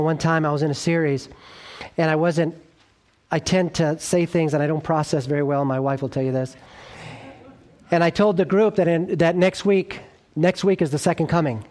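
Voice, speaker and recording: A man preaching an evangelistic sermon, earnest and urgent, rising in emphasis and then dropping low and quiet, often checking in with his listeners.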